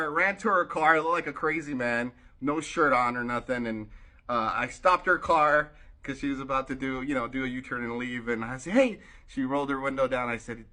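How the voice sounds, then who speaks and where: A man chats straight to the camera, telling a story in a loose vlog. His voice is bright and forceful. He fills his sentences with ums and likes, and jumps up in pitch whenever he acts out what someone else said. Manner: animated storyteller, voices others with sudden pitch jumps, many fillers. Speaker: vlogger.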